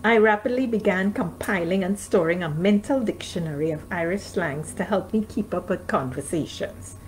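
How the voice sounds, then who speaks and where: A woman's voice: on the low side, moderate pace, low-quality recording. A woman, the author, reading her own memoir aloud and stopping now and then to chat with her live audience. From North America. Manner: reads aloud, then breaks off to chat with listeners. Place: home, streamed live.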